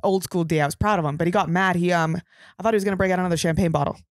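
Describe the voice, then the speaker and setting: A woman's voice: fairly low pitch, fairly even intonation, very fast, dry recording. A young woman co-hosting a podcast, joking in casual banter and reading ads on a close mic. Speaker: podcast co-host. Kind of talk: casual chat and host-read ad.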